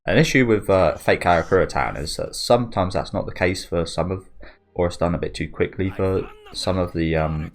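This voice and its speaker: Speaking low at a moderate pace, a man reacts casually to an anime trailer in rambling, chatty commentary. He often trails off while hunting for words and loses his train of thought.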